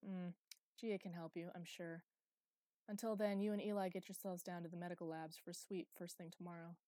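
A firm, weary middle-aged woman in charge of a space colony, voiced by a woman reading an audiobook. She talks in a matter-of-fact, no-nonsense way, with a mellow low tone. The recording is dry and close. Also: little pitch movement, brisk, no room sound, lightly acted. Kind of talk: audiobook character voice.

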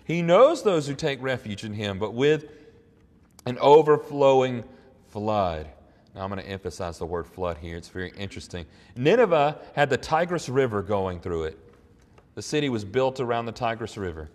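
A man's voice: fairly low pitch, very animated, brisk. Earnest preacher man, echoing room. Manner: earnest, rises to emphatic peaks, then drops to quiet reflection. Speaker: pastor. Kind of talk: sermon.

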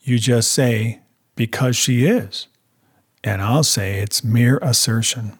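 A narrator putting on a rough Klondike dog-musher, slow and plain-spoken, with a dry rustic humor. His voice sits low and easy, with a husky grain.

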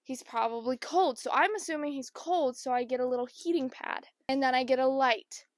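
A young woman hosting a podcast, telling a funny story in a casual, animated way and acting out the people she quotes. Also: sits high, brisk, no room sound. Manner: animated, acts out quoted people with changed voices. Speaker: podcast host.

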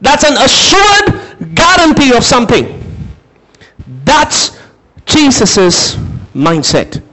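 A man preaching a sermon, dramatic, shouting some phrases and dropping low and slow for others, asking listeners to repeat words after him. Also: wildly swooping pitch, poor audio. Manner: dramatic, swings from high emphatic shouts to low slow intense delivery.

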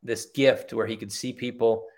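A man's voice: medium pitch, steady tone, moderate pace, darkish tone. An older man, a retired executive, telling heartfelt stories in an earnest, conversational way as a podcast guest. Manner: earnest, heartfelt, repeats phrases for emphasis. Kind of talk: conversational storytelling.

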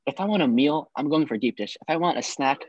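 A young man from the Midwest chatting casually, laid-back and quick to laugh. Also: fairly high pitch, animated, husky, no room sound, highs cut off. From Chicago area, US Midwest. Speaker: grad student interviewee. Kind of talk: casual chat.

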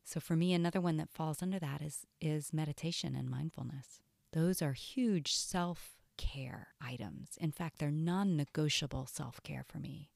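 A woman's voice: deep voice, normal speed, gravelly, a little mellow, no room sound, clean studio sound. A woman coach giving an earnest teaching talk on self-care, often asking "right?".

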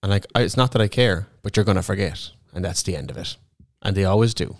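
Deadpan, sweary Cork man. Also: deep voice, quick pace, vocal fry, no echo. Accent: Cork north side. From north side of Cork. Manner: dry, sweary, deadpan wit. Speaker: podcast co-host. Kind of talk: casual chat.

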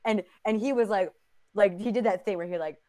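A woman's voice: medium pitch, brisk, warm tone. A woman co-hosting a casual talk podcast, telling stories animatedly with many fillers. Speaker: podcast co-host. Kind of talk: casual chat.

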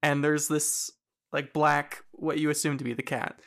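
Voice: mid-range voice, level tone, normal speed, creaky, fairly bright tone. A podcast co-host with a mid-range voice recaps film scenes in casual chat. The reactions are short, wry and blunt.

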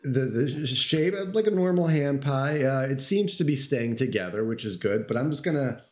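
A man's voice: medium pitch, animated, normal speed, darkish tone. Hesitant man musing over a snack. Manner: hesitant, many ums, self-deprecating laughs. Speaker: co-host food reviewer. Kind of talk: casual food review chat.

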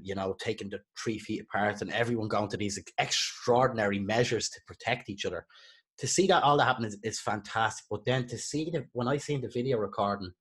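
A man's voice: on the low side, fairly bright tone, slightly rough. An Irish man hosting a podcast, speaking his mind bluntly and swearing freely. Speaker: podcast host. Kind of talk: casual chat.

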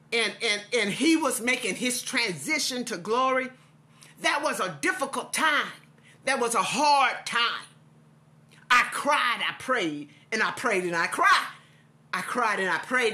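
A woman's voice: fairly high pitch, sharp tone. A middle-aged woman preaching an impassioned devotional sermon with a repetitive cadence.

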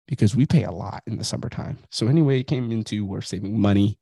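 Speaking fast and animatedly with few pauses, this thirty-something podcast host has a fairly low, warm, slightly rough voice with vocal fry. He's nursing a migraine as he gives a casual motivational monologue that's blunt, profane and self-reflective. No room sound is audible.

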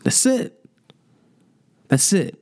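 A young man ranting in a mocking, profane comedic monologue, jumping into high incredulous outbursts. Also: very slow, a little mellow. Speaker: comedic commentator.

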